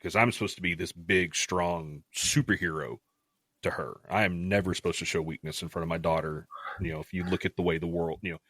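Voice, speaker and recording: A man's voice: sits low, steady tone, a little fast, fairly bright tone, no room sound. A middle-aged man, a podcast guest, telling an earnest personal story in casual talk, with frequent restarts. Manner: earnest, heartfelt, restarts often.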